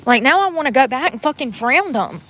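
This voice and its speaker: A young woman ranting bluntly and profanely on a casual live stream, exasperated and loud-mouthed. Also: sits high, sing-song, brisk, background noise. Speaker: livestreamer.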